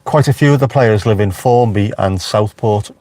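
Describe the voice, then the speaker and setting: A man's voice: fairly low pitch, moderate pace, darkish tone. A man with a Liverpool accent, chatting casually on a live stream from inside his car with wry asides to viewers. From Merseyside, England. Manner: chatty, wry, talks back to live chat.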